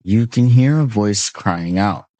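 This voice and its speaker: A man's voice: on the low side, expressive, slow pace, mellow, no echo. Playful game master man, close dry mic. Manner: playful, laughing narration. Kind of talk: narrating a tabletop game.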